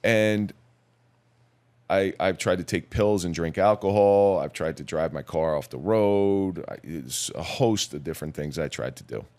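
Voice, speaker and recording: Deep-voiced man recounting somberly. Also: a little mellow. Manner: measured, somber, plain-spoken recounting. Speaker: podcast guest, police officer. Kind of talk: personal storytelling in a podcast interview.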